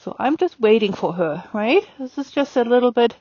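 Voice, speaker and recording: A woman's voice: fairly high pitch, lively intonation, moderate pace, no room sound, dull audio. A woman riding instructor talking through a demonstration on horseback outdoors, chatty with lots of fillers, calling commands to her horse.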